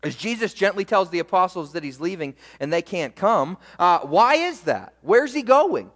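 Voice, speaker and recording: A young man preaching a sermon as pastor, animated and emphatic, repeating words for weight. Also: high voice, normal speed. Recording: echoey hall reverb.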